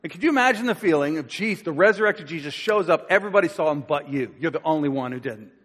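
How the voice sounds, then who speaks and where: A man preaches in a loose, conversational way, slipping into little acted-out voices as he tells the story. His voice sits a touch high for a man. The sound carries a long reverb, as if filling a big church hall. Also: expressive, quick pace, fairly bright tone, husky. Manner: conversational, acts out quoted voices. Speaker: pastor. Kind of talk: sermon.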